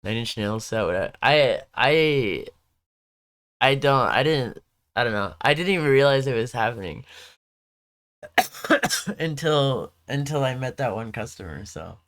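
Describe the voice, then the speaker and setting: A man's voice: mid-range voice, expressive, a little slow, long pauses, fairly bright tone, no echo, clean studio sound. A young man streaming live, chatting casually and rambling through stories while answering questions from chat.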